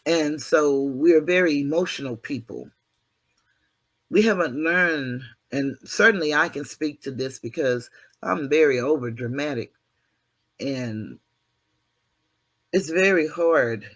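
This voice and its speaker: A man's voice: fairly high pitch, slow pace, pauses often, a bit bright. A man hosting his own channel, giving a motivational monologue to viewers in an earthy, preachy way with mild cursing and self-deprecating asides. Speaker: channel host.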